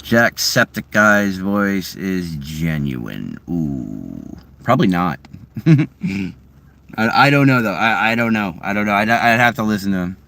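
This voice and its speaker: A man's voice: lowish voice, moderate pace, pauses often, fairly bright tone. Rambling young man with Boston-area accent. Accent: Boston-area New England. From Boston area, New England. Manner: rambling, loose, full of fillers and restarts. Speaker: streamer chatting with viewers. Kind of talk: casual live chat. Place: in a car.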